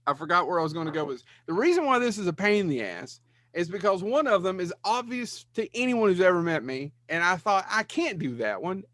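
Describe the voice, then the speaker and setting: A man's voice: high voice, a bit bright, dry recording. A man co-hosting a casual podcast, rambling and laughing at his own jokes. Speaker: podcast co-host. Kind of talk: casual chat. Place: small basement room.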